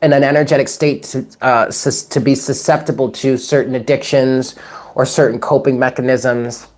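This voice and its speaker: Very deep-voiced chatty woman tarot reader. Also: steady tone, moderate pace, a little mellow, slight background noise. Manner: chatty and affectionate, reads chat names aloud; slips into spoken prayer and affirmations. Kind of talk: live-streamed tarot reading, chatting with viewers.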